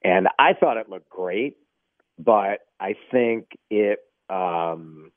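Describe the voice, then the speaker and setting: A man who works as a TV news anchor, a guest on a radio chat show, who speaks in an animated, opinionated way and is quick to joke. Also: low voice, dry recording, phone-quality sound.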